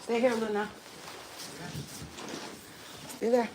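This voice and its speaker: A woman's voice: on the high side, flat delivery, slow pace, background noise. A woman chatting casually on a live stream from her home at night, full of slang and swearing, slipping into cooing baby talk for her dog. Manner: profane, slangy street talk.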